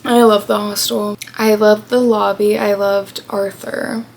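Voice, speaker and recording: A woman's voice: medium pitch, level tone, unhurried, gravelly, over music. A young American woman in her twenties telling a chatty travel storytime, acting out the people she quotes. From United States. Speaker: vlogger.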